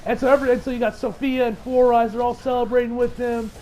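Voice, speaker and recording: A man's voice: extremely high pitch, little pitch movement, fast talker, dark tone, slight background noise, rough recording. A man recapping an anime episode as a reviewer, in a loose, rambling way that swears freely and acts out the lines of the characters.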